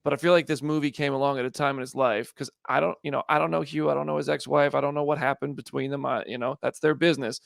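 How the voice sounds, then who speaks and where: A man hosting a casual film review chat, talking in a chatty, excitable way. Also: mid-range voice, fast talker, vocal fry, few pauses, no room sound, clean studio sound. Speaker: podcast host.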